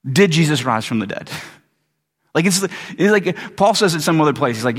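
Husky preacher in a reverberant hall. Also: male voice, a little high, moderate pace. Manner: animated, conversational preaching with asides. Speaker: pastor. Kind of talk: sermon. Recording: long reverb of a large hall.

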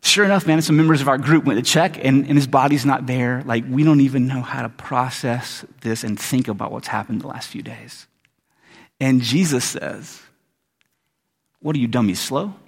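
A man's voice: medium pitch, fairly even intonation, moderate pace, creaky. A man preaching a sermon as a pastor, retelling the story in a loose, joking way with casual asides. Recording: long hall reverb.

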